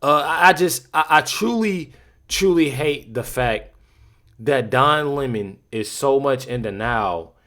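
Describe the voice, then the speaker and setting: A man's voice: medium pitch, animated, slow pace, a bit bright. A man giving casual commentary on a clip, rambling with many restarts and repeated phrases. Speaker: reaction streamer.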